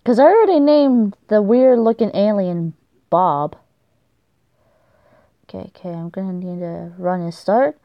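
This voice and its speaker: A young woman commentating on her game play, excitable and swearing a lot, shrieking when startled. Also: medium pitch, measured pace, long pauses, no echo, muffled recording. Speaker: gaming YouTuber.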